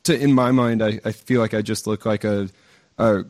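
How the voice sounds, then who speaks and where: A man's voice: lowish voice, fairly even intonation, moderate pace, darkish tone, no echo. An American man hosting a podcast, talking casually with lots of restarts and fillers into his own close mic. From United States. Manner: rambling, many restarts and fillers. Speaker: podcast host. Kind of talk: casual chat. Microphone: own mic with gain control.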